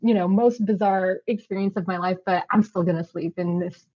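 A woman's voice: medium pitch, steady tone, normal speed, mellow, lo-fi sound. A woman podcast host reacting to a guest's story in emphatic casual chat, often laughing.

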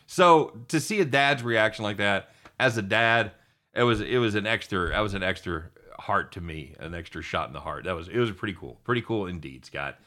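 A middle-aged man hosting a sports talk show, excitable and chatty, often calling his co-host by name. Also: deep voice, fairly quick.

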